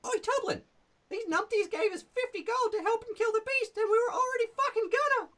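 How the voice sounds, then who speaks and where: A man voicing a crude, foul-mouthed male goblin bridge guard with a high, squeaky voice. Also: a little fast, bright, forceful tone. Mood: gleeful. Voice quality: high squeaky voice, coarse slangy swearing.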